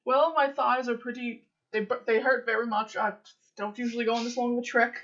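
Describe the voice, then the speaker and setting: A woman's voice: on the high side, fairly even intonation, a little fast, fairly bright tone, lightly acted. A woman voicing a fussy, honor-bound old male elf librarian who mutters to himself. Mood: curious. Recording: dull lo-fi audio.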